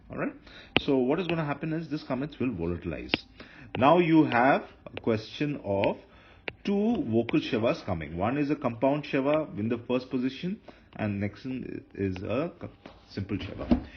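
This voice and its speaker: A man teaching a grammar lesson, explaining step by step with fillers and self-corrections. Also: medium pitch. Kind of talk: lecture. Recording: dull lo-fi lecture recording with faint noise.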